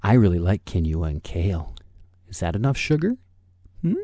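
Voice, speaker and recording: Guy in his 40s ranting on his podcast, sarcastic, swears a lot, mellow voice that swoops up and down. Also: deep voice, sing-song, normal speed, dry recording, studio quality. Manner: sarcastic, combative, profane. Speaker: podcast host. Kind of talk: solo podcast rant.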